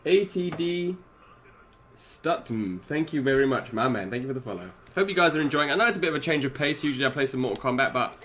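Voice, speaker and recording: A young man chatting through a game stream with a mid-pitched voice that swings widely in tone. He greets his viewers, gets excited and laughs easily. A faint hiss of noise sits under the recording. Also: quick pace. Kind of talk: casual gaming stream chat.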